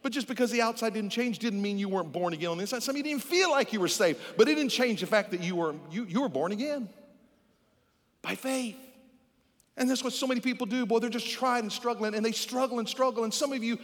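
A man preaching a sermon as pastor, lively and theatrical, acting out little scenes and chants. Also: very high-pitched, quick pace. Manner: animated preaching, acts out voices and repeated chants. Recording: church hall reverb.

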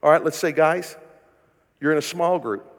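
A pastor preaching a sermon, firing rhetorical questions at the congregation and swinging between loud emphasis and hushed, tender passages. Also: male voice, on the high side, moderate pace, in a large hall.

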